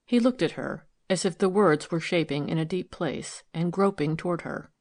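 A woman reading a story aloud in a measured, calm narration. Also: fairly low pitch. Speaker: audiobook reader.

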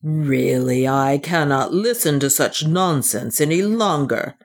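A pompous older clergyman, condescending and sanctimonious, as an audiobook reader puts him on. He drawls his words slowly and unctuously, in a middle-pitched voice. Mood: indignant. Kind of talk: audiobook reading.

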